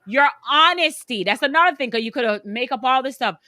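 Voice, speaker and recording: A woman's voice: sits high, expressive, fairly quick, pushed and bright, no room sound, studio quality. A woman host and business coach who talks in an emphatic, preachy way and speaks straight to her listeners. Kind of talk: motivational interview talk.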